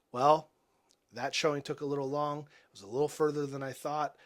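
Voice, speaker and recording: A man in his forties, a podcast guest telling personal stories in an earnest, halting way, often restarting and dropping soft and quiet. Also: on the high side, fairly even intonation. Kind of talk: reflective personal storytelling.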